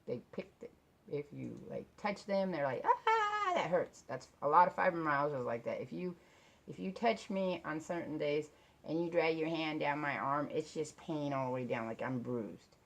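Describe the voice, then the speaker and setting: A woman's voice: sits low, moderate pace, creaky. A middle-aged woman chatting to camera in her own vlog, rambling and self-deprecating, laughing often as she talks. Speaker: vlogger. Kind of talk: casual chat to camera.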